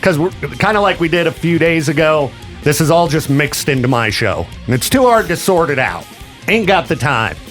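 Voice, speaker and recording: Chatty radio host guy, sore back, voice swings up and down a lot, a bit high. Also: sing-song, moderate pace, a bit bright, faint music behind. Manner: chatty, laughs often, slips into mock voices. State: sore back after vomiting. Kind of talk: casual radio banter.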